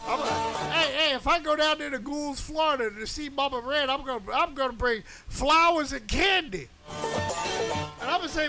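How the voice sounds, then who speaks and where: High-voiced animated radio host man. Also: normal speed. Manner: animated, riffing, chanting and shouting in bursts. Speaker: radio morning show host. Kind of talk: loose on-air banter and ranting. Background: music playing.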